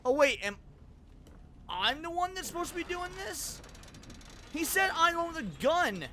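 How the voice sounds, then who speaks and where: During his game stream, this excitable man curses liberally and jumps from griping to chatting with viewers in casual commentary. His very high, bright voice swings widely in pitch at a normal speed, over a faint hiss or hum.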